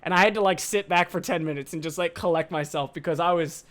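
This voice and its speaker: A high-voiced young man hosting a podcast in a casual storytelling monologue. He is animated and self-mocking, and he swears freely. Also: fast talker. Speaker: podcast host.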